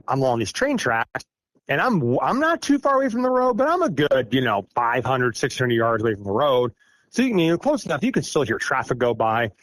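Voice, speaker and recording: A man's voice: medium pitch, a bit bright, dry recording. A middle-aged man from Iowa tells a long personal story as a podcast guest, in an ordinary mid-range voice. He rambles, laughs at himself and fills gaps with "uh" and "like". The sound is dry and close, with no room around it. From Iowa, United States. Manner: rambling, self-deprecating, with frequent fillers. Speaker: guest recounting an encounter. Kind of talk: casual storytelling.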